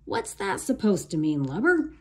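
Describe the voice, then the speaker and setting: A woman voicing a greedy one-eyed male pirate captain who growls and shouts his orders in a storybook reading. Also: medium pitch, sing-song, normal speed, slightly rough. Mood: growling, bossy. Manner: loud growling bossy shouts.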